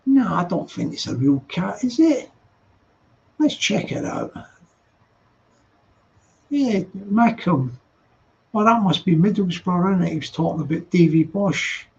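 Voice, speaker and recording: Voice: medium pitch, animated, unhurried, gravelly, pauses often, dull audio. A live stream host, rambling and chatty while reading viewer comments late at night, laughing often.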